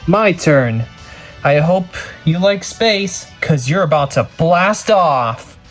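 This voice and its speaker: A man's voice: fairly high pitch, animated, slow pace, music in the background. A man voicing a friendly, easygoing young T. rex in a homemade toy video. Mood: cheerful. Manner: upbeat, casual.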